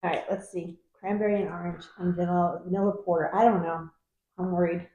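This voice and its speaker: A woman with a New York accent co-hosting a casual chat, playful and teasing and quick to laugh. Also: on the low side, fairly even intonation, dark tone, dull audio. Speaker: co-host. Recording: echoey room.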